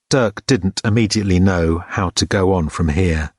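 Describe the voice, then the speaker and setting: A man reading an audiobook in a measured, understated narrating manner. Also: low voice, darkish tone, dry recording, clean studio sound. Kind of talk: scripted narration.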